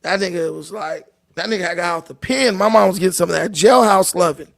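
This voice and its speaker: A high-pitched, slightly creaky and bright male voice, a little fast. The speaker, a livestream host from Long Beach, California, is a loose, profane storyteller who laughs while telling casual tales.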